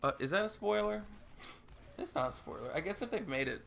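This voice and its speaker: A man's voice: high voice, animated, brisk, vocal fry, a bit bright, slight background noise. A young man with a sick voice, chatting casually in a rambling vlog Q&A about his gaming channel. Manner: rambling, repeats words and fills with "uh". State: sick, hoarse voice. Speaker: YouTube gaming channel host.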